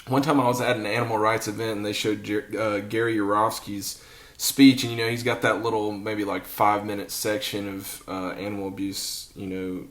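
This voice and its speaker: A man hosting a podcast, chatting in a relaxed, casual way with frequent fillers. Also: on the low side, moderate pace. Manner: relaxed, friendly filler words like "dude" and "you know". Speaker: podcast host. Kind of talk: casual conversation.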